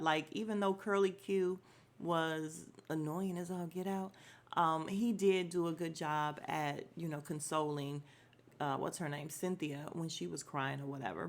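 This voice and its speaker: A woman hosting a podcast, giving a casual, opinionated recap of a reality show with slang and frequent laughs. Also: sits low. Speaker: podcast host.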